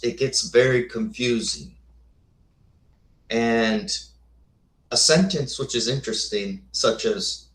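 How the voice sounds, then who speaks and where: A man hosting a casual lecture with slides, thinking aloud with rhetorical questions and answering viewers' comments. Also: mid-range voice. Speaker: host. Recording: echoey room.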